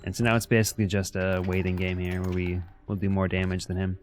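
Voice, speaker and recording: A man with a lowish voice streams a card game in easygoing commentary. He thinks aloud about his moves and greets chat casually. Faint music plays in the background. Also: flat delivery, quick pace.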